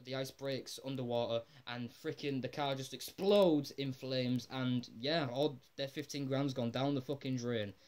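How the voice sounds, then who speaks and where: A man talks through a cartoon episode in a loose, rambling recap. His voice sits at a middling pitch, and he gets excitable and drops in casual swearing and plenty of "like" fillers. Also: unhurried, hardly any pauses. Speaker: episode reviewer.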